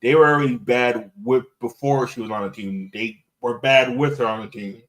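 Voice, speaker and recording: A man's voice: medium pitch, normal speed. A man hosting a podcast in loose, rambling casual chat, often swearing. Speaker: podcast host.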